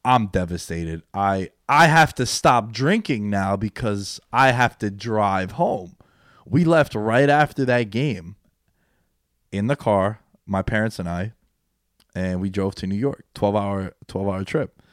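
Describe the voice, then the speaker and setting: A young man in casual sports chat, telling animated stories that jump from loud bursts to low mutters. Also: slow, no echo, clean studio sound.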